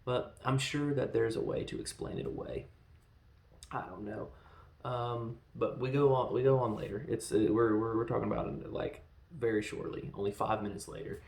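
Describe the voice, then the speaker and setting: A man in his thirties hosting a casual movie review, rambling and animated, slipping into quoted lines as he goes. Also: on the low side, creaky, echoey room. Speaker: podcast host reviewing films.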